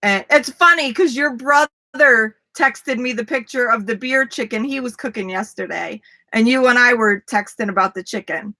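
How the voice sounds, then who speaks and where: A woman's voice: a little high, normal speed, bright, forceful tone. A woman hosting a casual livestream, chatty, talking to viewers by name and laughing easily. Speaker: livestream host. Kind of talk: casual live chat with viewers.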